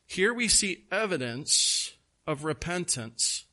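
Man preaching, bright, slightly high voice, emphatic stresses. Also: very animated. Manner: emphatic, slows and stresses key words; folksy asides. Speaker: pastor. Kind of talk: sermon.

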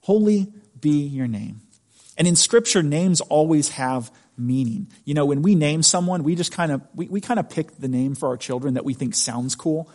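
A man's voice: on the high side, animated, normal speed, darkish tone. A man preaching a sermon in a conversational, emphatic way, asking the congregation rhetorical questions. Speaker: pastor.

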